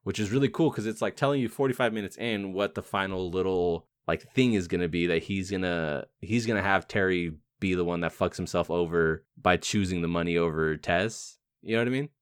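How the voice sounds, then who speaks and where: A man's voice: low-pitched, smooth, no room sound, studio quality. A man co-hosting a podcast, chatting casually about a movie, quoting lines with plenty of swearing. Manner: swearing, quotes movie lines, quick bursts. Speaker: podcast co-host. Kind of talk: casual movie-review chat.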